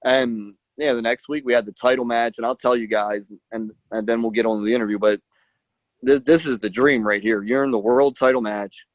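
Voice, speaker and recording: A man's voice: medium pitch, steady tone, brisk, no room sound, highs cut off. A male wrestler guest telling his story in a rambling casual way, acting out quotes with lots of "like". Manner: rambling, acts out quotes, many "like"s.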